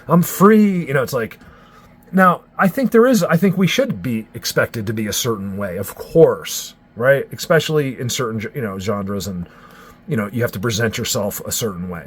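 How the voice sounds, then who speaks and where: A man's voice: medium pitch, husky. A man from New Jersey, a Bigfoot researcher, talking in a rambling, emphatic vlog rant. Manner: rambling and emphatic, restarts often.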